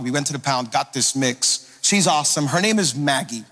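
A man preaching to his congregation as a pastor, energetic and playful, calling out to the crowd. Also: medium pitch, fairly quick. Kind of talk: sermon. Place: church sanctuary. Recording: long hall reverb with faint music.

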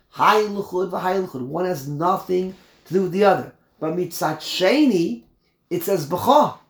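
A man teaching a verse-by-verse Torah class, mixing Hebrew terms into English, emphatic, with many repeated phrases and rhetorical questions. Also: sits high. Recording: roomy echo, faint ambience.

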